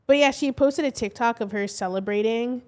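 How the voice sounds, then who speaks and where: Female co-host, sarcastic, profane, slightly high voice, relaxed chat. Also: moderate pace. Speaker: podcast co-host. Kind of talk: casual podcast chat.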